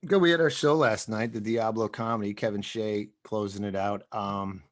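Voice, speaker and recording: A man's voice: lowish voice, fairly even intonation, moderate pace, dry recording. A man co-hosting a podcast in casual chat, laid-back and trailing off with fillers. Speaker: podcast co-host, comedian.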